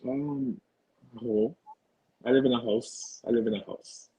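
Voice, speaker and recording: A man's voice: mid-range voice, fairly even intonation, a little slow, dark tone, slightly rough, no echo, low-quality recording. A man answering dating questions on a video call in brief, hesitant replies full of fillers. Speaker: guest single. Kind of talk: interview answers.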